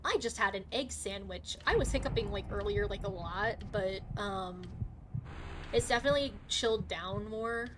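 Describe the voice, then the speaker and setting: A woman streaming a game live, chatty and excitable, swearing often and talking to her chat. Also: medium pitch, normal speed, noisy background. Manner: excitable reactions, sudden outbursts. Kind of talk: live gaming commentary.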